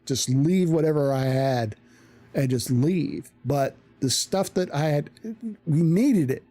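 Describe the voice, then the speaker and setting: A live streamer telling a story in a casual, animated way, swearing freely. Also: medium pitch, takes it slowly.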